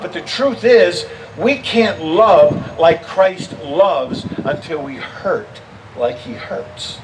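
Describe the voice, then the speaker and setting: Older pastor preaching, heard from afar. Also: male voice, sits high, takes it slowly. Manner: earnest, building to emphatic appeals. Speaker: interim pastor. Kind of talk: sermon. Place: church sanctuary. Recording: distant mic with steady background noise.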